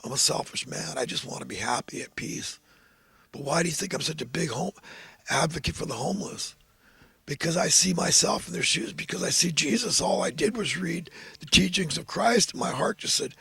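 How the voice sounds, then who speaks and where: A man's voice: a little high, moderate pace, vocal fry, bright, forceful tone, slightly rough, no room sound. A man giving a rambling, fervent, preachy monologue as host. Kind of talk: impassioned political monologue.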